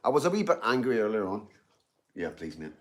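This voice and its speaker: A man's voice: fairly low pitch, very animated, a little fast. Chatty man on a live stream. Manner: rambling, chatty, repeats himself, lots of "you know what I mean"; eating and drinking tea between remarks. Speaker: livestreamer reading out chat. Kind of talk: casual live-stream chat. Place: in Glasgow.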